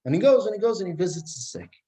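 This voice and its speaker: A man, as a rabbi, giving a Torah class who tells a story with animated delivery and frequent restarts. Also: high-pitched, very fast, poor audio.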